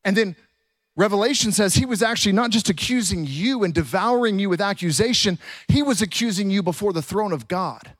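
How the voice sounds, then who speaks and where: High-voiced pastor guy in his 30s, animated storyteller, preaching on stage. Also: fairly quick, dry recording. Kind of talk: storytelling sermon. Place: church stage.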